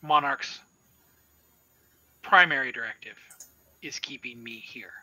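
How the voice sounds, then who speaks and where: A trapped Minotaur, voiced by a man running the game, speaks calmly and ominously in slow, weighty statements. The tone is sharp and tense, bright at the edges. It is a tabletop horror game, and the voice sounds like a patient warning. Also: medium pitch, no echo, low-quality recording. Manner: measured, solemn pronouncements. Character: captive male Minotaur-like creature, calm and ominous. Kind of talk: tabletop role-play voicing.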